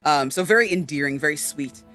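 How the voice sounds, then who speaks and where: A woman co-hosts a casual podcast chat about tabletop games, using lots of fillers and often checking in with "right?". Her deep voice is sharp in tone, with lively intonation and a slightly fast pace, over soft background music.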